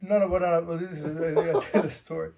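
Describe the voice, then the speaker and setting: A man's voice: on the high side, steady tone, normal speed, vocal fry, crowd noise. A middle-aged man from Australia, a former fighter, telling loose anecdotes as an interview guest, laughing often and swearing freely.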